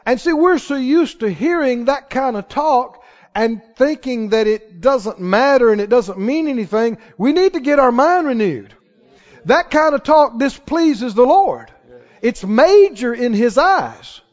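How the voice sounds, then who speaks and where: A man preaching a sermon in a church, acting out the quoted voices of others and rising to shouts of conviction. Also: extremely high pitch, measured pace. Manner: animated, acts out quoted voices, rises to shouts. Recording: reverberant hall, dull lo-fi sound.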